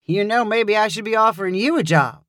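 A woman's voice: mid-range voice, a little fast, a bit bright, dry recording, clean studio sound, lightly acted. A woman reading a story aloud, voicing an eager young male bulldozer instructor who sounds friendly and a little forced.

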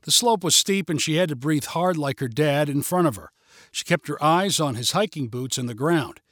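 A man's voice: on the high side, dry recording. Dry, close male storybook narrator. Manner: measured, even storytelling.

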